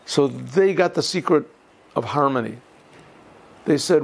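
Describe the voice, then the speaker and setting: A man, a rabbi, giving an informal Torah lesson, often clearing his throat and restarting his sentences as he thinks aloud. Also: on the high side, a little slow. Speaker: rabbi teaching a yeshiva class.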